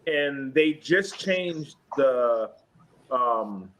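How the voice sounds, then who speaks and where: A young man hosting a casual veterans' chat, telling stories from basic training and shouting out the drill instructors' lines. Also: mid-range voice, very slow, background noise. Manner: animated, acts out yelling drill instructors. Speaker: podcast host. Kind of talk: casual storytelling among veterans.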